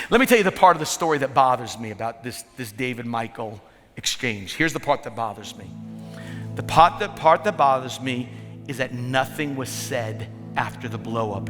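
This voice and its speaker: A man preaching a lively sermon as pastor, grew up in the northern US, with quick repeats and asides to the congregation. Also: medium pitch. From northern United States. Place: large church hall. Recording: church hall reverb with soft music.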